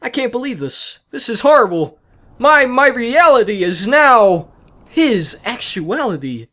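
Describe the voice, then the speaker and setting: Young let's-player, excitable, unhurried, lively pitch, game music behind. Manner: excitable, constant exclamations. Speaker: gaming commentator. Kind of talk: casual let's-play commentary.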